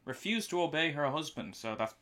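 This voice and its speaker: A man's voice: on the high side, big pitch swings, a little fast, crowd noise. A man co-hosting a casual live podcast, rambling with frequent restarts and fillers. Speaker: podcast co-host. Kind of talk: casual live episode discussion. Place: home basement.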